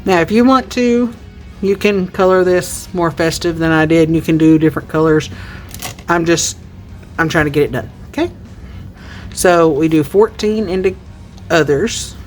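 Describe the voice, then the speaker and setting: A woman's voice: sits low, measured pace, faint music behind. A woman in her thirties from Tennessee with a Southern accent, chatting casually to viewers while counting cash for savings challenges. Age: 30s. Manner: chatty, counts money aloud. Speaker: budgeting YouTuber.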